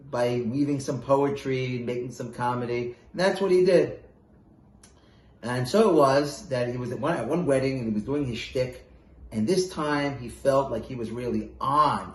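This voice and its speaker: A man telling a Hasidic tale casually, with fillers and sudden loud, animated bursts, as a phone voice message. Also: medium pitch, roomy sound. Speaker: storyteller.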